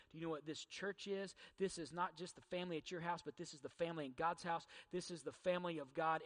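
Emphatic bright-voiced preacher in a hall. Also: male voice, sits high. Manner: emphatic preaching with rhetorical questions and repetition. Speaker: pastor. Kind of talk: sermon. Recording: church hall reverb.

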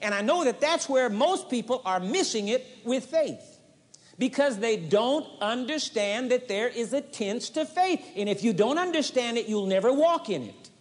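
A man's voice: extremely high pitch, lively intonation, moderate pace. A man preaching a sermon with emphasis, driving points home by repeating short phrases. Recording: long hall reverb, 1980s audio tape.

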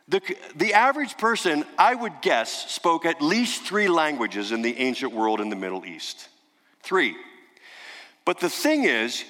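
A man preaching a sermon, telling a story emphatically and dropping to a hush for dramatic effect. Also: a little high. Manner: dramatic, emphatic storytelling with sudden hushed drops. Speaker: pastor. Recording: long reverb of a large hall.

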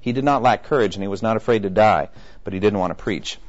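A man's voice: lowish voice, fast talker. A man giving a conversational Bible teaching lecture who acts out the quoted voices and keeps checking in with his listeners. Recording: dull lo-fi recording.

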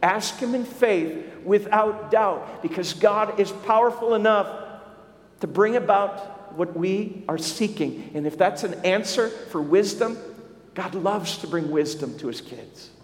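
A man's voice: sits high, animated, measured pace. A man preaching a sermon to his congregation, asking them questions and telling a story to make his point. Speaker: pastor. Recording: echoey hall with long reverb.

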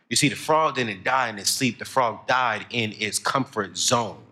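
A young man, preaching a motivational sermon, telling stories and building to shouted emphasis. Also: medium pitch, measured pace, hardly any pauses.

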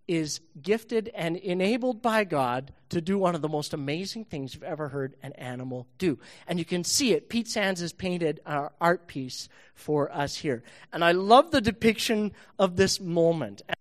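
A man, a pastor, telling a Bible story to children in a church service, playful and animated. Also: on the high side.

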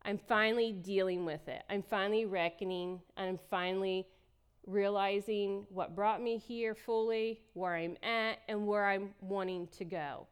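A middle-aged woman speaks at a church, sharing a frank, emotional testimony and laughing often. Her mid-range voice is steady, clear and resonant, with a measured pace.

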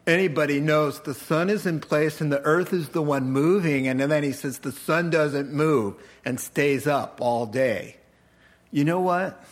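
A man preaching a sermon as pastor, animated and joking with laughing asides. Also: on the high side, measured pace.

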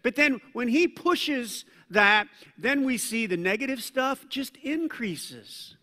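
A male pastor preaching a sermon in a large church, an animated storyteller who acts out the scenes he describes. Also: very high voice, takes it slowly, in a large hall.

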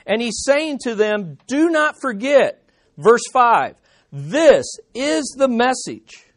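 Male pastor, sermon delivery, high voice, very animated pitch, emphatic with repeated key lines. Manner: slows down on key statements.

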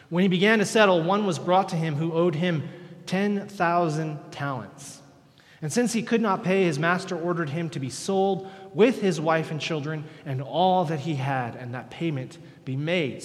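Male pastor, mid-pitched voice, earnest measured preaching, long echoing church hall. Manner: earnest, measured delivery with deliberate pauses. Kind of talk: sermon with scripture reading and prayer. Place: church sanctuary.

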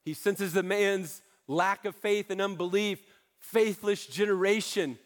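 Earnest, high-voiced male preacher. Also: fairly even intonation, measured pace. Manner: earnest, pleading, repeats key phrases for emphasis. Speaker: pastor. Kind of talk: sermon.

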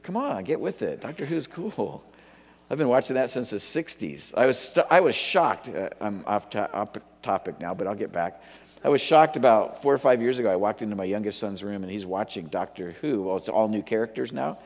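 A man's voice: lowish voice, lively intonation, a little fast, a little mellow. A middle-aged man preaching a sermon as a pastor, casual and joking, often wandering off topic. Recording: long hall reverb.

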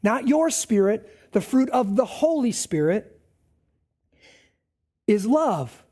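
A man preaching a sermon in a conversational way, with emphatic raised lines and low, quiet asides. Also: very animated, takes it slowly. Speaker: pastor.

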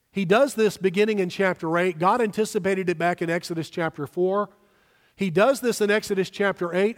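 A man preaching a sermon as pastor, emphatic and slowing down to stress key words. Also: high voice, long reverb tail.

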